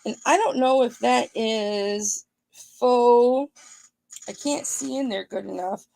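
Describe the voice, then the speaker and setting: A woman hosting a live online jewelry auction, chatting playfully with her viewers and thinking out loud. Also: a little high, slow pace, vocal fry. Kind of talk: casual live-stream auction patter.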